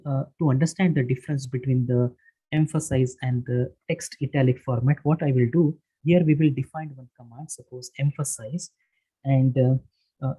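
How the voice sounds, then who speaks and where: A man instructing an online workshop, explaining step by step in a halting way with many fillers and restarts. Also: medium pitch, mellow, husky, low-quality recording. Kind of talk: screen-share tutorial lecture. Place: online session, voice from his own room.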